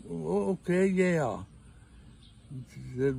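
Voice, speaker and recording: A man's voice: medium pitch, expressive, takes it slowly, gravelly, warm tone, slight background noise, low-quality recording. An older man telling dirty jokes outdoors in a folksy, rambling way, leaning on lots of "well"s. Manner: folksy rambling delivery with many wells. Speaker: joke teller.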